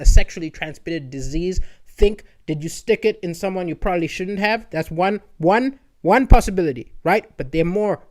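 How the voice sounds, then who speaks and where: A man hosting a comedy live stream, telling stories and answering viewer comments in a chatty manner that rises to excited emphasis, talking into a streaming microphone. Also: sits high. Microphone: streaming microphone with adjustable levels.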